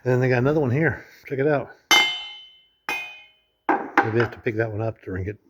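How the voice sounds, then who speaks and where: A man's voice: mid-range voice, fairly quick, dull audio, heavy background noise. A man chatting casually as he tours a lodge room, rambling with lots of fillers and restarts. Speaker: vlogger touring a lodge. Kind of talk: casual walkthrough narration.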